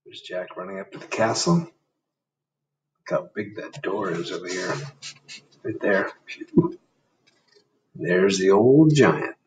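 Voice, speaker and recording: A man, a first grade teacher, reading a picture book aloud and chatting gently with children, asking them questions as he goes. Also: deep voice, very animated, takes it slowly, long pauses, recorded from a distance, slight background noise. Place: indoor room.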